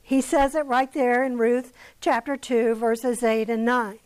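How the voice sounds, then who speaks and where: An American woman who leads a women's Bible study teaches scripture to a church group in a high-pitched, level voice. Her pace is slow and deliberate and her manner conversational, and she often pauses to pose a question to her listeners before answering it herself. The audio is poor.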